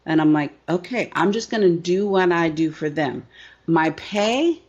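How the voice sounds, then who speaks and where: A woman's voice: lowish voice, lively intonation, measured pace, darkish tone. Woman, middle-aged, business coach, emphatic, keeps saying right, muffled lo-fi sound. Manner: emphatic, repetitive, rhetorical "right?". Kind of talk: candid interview storytelling.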